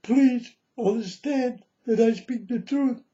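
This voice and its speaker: A man speaks slowly and earnestly in non-native English, his voice very dark and mellow. He pleads with his listeners like a self-proclaimed prophet, and the recording sounds dull and lo-fi. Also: extremely high pitch. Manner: earnest, pleading, repeatedly addressing listeners as folks. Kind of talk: emotional personal testimony to viewers.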